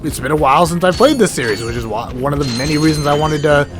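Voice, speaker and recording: A fairly high-voiced man narrates his gameplay in a loose, excitable ramble. He keeps interrupting himself, jumps between thoughts and drops casual swears as things happen on screen. Game music plays clearly behind him. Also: fast. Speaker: let's play host. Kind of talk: gameplay commentary. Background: game music and sound effects.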